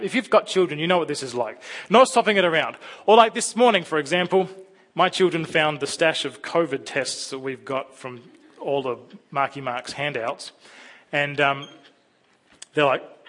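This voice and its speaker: A man in his thirties gives a sermon in a relaxed, storytelling way, now and then breaking into loud dramatic outbursts. His voice is fairly high and tense and bright. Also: moderate pace. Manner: chatty, storytelling, with sudden loud dramatic bursts. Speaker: preacher. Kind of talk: conversational sermon.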